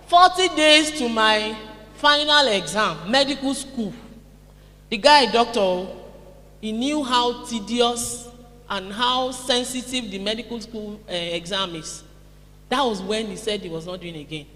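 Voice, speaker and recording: A Nigerian woman giving a lively motivational conference talk, calling out to her audience. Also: fairly high pitch, slow pace, long pauses. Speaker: seminar speaker. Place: conference hall. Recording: echoey hall.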